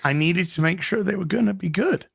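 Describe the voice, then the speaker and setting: Gravelly, playful man on a call. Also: high voice, fairly quick, no echo, studio quality. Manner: jokey, playful posh put-on asides. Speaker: podcast panelist. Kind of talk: casual chat.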